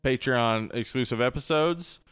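A man's voice: mid-range voice, a little slow, a bit bright, clear, resonant tone. A man co-hosting a podcast, talking casually in an upbeat, enthusiastic way. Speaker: podcast co-host.

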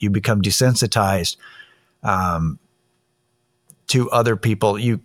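A man talking in a casual monologue, blunt, opinionated and profane as he tells a story and gives his views. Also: lowish voice.

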